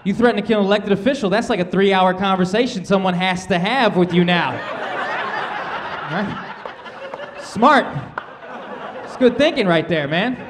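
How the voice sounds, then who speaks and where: A man in his thirties works a comedy stage with an easygoing, conversational delivery, his voice sitting fairly high for a man. He keeps tossing little asides to the crowd as he talks into a handheld mic. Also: moderate pace, pauses often, background noise. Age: 30s. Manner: laid-back, conversational, peppers lines with "man" and "right?". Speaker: stand-up comedian. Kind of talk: stand-up comedy set. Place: comedy stage before a live audience.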